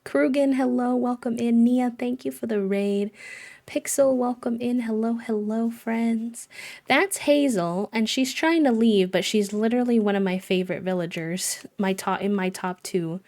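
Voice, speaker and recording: A woman's voice: a little high, normal speed, darkish tone. Cozy, chatty woman streamer. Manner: chatty, cozy, greets viewers by name. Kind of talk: casual live-stream chat.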